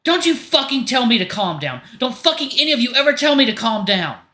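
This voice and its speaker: A man voicing a furious young male blue jay bird-man who shouts and curses. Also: very high-pitched, normal speed, voice pushed up, full character voice. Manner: shouting, snarling, cursing. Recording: roomy echo.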